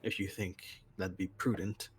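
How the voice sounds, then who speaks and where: A man's voice: deep voice, little pitch movement, normal speed, breathy edge. A man playing a tabletop role-playing game in a laid-back, joking way. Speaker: player. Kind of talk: casual tabletop play.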